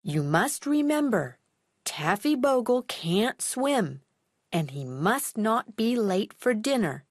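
A courteous, weary old gentleman from a children's storybook, as a woman reader puts him on speaks in a lowered, careful voice. He sounds lively and unhurried, with a dry, close sound. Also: husky, dry recording, heavily acted. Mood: polite. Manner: polite, gently grateful. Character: tired old man with weary legs.

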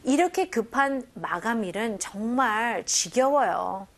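A woman teaching phrases in a bilingual lesson, modeling each phrase slowly and deliberately. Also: fairly high pitch, animated. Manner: slow, deliberate modeling of phrases with frequent laughs. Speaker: English teacher. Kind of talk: bilingual English lesson for learners.

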